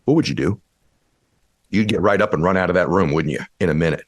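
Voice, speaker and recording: A man with a lowish voice delivers a motivational speech. He presses the audience with repeated rhetorical questions in a dry, close recording. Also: quick pace, no room sound. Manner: emphatic, repetitive rhetorical questions. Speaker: motivational speaker.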